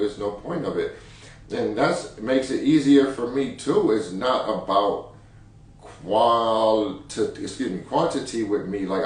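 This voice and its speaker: A man co-hosting a candid couple's chat, relaxed and slangy, laughing easily. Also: lowish voice. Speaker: podcast co-host. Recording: very echoey room, distant mic, faint noise.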